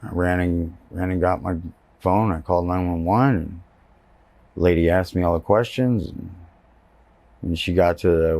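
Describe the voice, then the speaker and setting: Interviewee: low-pitched Texan man, candid first-person account, dry close sound. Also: normal speed, pauses often, a little mellow, no echo. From Texas. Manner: candid, plain-spoken storytelling. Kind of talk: personal testimony.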